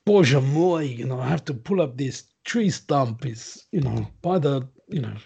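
A man's voice: mid-range voice, animated, measured pace, gravelly, darkish tone, breathy edge, lo-fi sound, full character voice. A man putting on a bad fake Russian accent to voice a hulking male comic-book strongman. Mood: grandiose.

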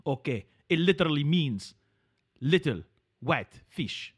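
A man's voice: a little high, sing-song, a little slow, slightly rough, heavily acted. A man voicing a gloomy, scornful French-Canadian nemesis in a comedic podcast bit, sneering and calling others fools.

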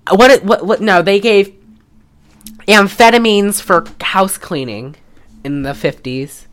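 Speaking slowly in a medium-pitched voice, a podcast co-host recounts a film in an animated, casual chat. She laughs often and swears freely.

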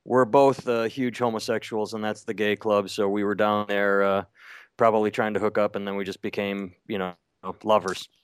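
Deadpan comedian guest, lowish voice. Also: male voice, normal speed, clean tone, no echo, clean studio sound. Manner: deadpan, self-mocking humor. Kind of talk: casual podcast interview.

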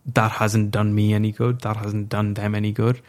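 A man's voice: fairly low pitch, little pitch movement, normal speed. A young man telling a personal story as a podcast guest, frank and reflective, swearing casually.

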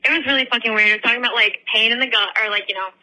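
Rapid-fire and steady in tone, a woman podcast host tells a story over a headphone microphone in a fairly high, pushed, bright voice with poor audio. It's casual, rambling chat full of fillers and constant swearing.

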